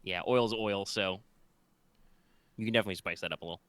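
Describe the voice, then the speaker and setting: A man's voice: low-pitched, steady tone, quick pace, fairly bright tone, clean tone, no room sound. A man running a tabletop game as game master, rambling a little with fillers and restarts as he describes the scene.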